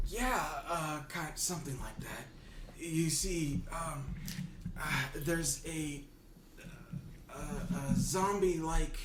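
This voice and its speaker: A man doing a nervous stammering frog. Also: fairly high pitch. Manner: hesitant, halting, full of ums. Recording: roomy, distant mic, noisy.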